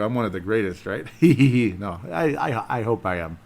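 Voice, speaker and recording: A man's voice: lowish voice, expressive, moderate pace, gravelly, a little mellow. A man hosting a casual solo podcast in a rambling, jokey, self-deprecating way. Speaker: podcast host.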